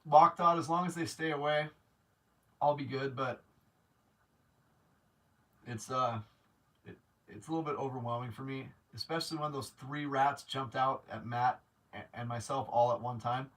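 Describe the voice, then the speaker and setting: A man's voice: mid-range voice, steady tone, moderate pace, pauses often, fairly bright tone, far from the mic. A man hosting a casual live stream, chatting to viewers, rambling with many restarts and growing openly grateful. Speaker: livestream host.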